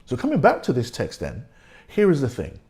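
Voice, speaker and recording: A man's voice: medium pitch, wildly swooping pitch, a little mellow. A male pastor preaching a sermon and reading scripture aloud, repeating key words for emphasis. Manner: reads scripture aloud slowly.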